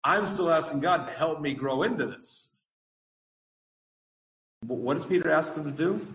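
A man's voice: a little high, lively intonation, moderate pace, a bit bright, echoey room, rough recording. A man preaching a sermon, earnest, putting questions to the congregation. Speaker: pastor.

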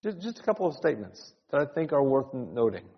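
A male pastor preaches an earnest, urgent sermon in a mid-range voice, very animated and quick, often repeating words and building into cries. The recording sounds dull, with long hall reverb.

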